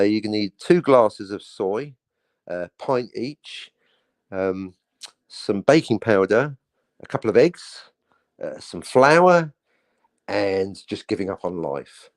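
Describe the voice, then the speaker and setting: A man's voice: on the low side, no room sound. A man co-hosting a podcast, filling time with playful, jokey banter in a casual chat. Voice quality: playful, jokey, lively delivery. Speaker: podcast co-host. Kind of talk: casual chat, joking monologue.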